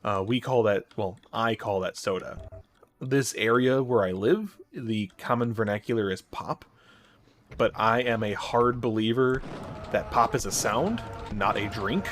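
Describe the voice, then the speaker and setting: Male streamer, Midwestern accent, lower voice, chatty and rambling, faint music bed. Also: expressive, measured pace, a bit bright. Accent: general Midwestern American. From Chicago area, US Midwest. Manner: rambling, chatty, reads and answers chat aloud. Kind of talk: casual chat while gaming.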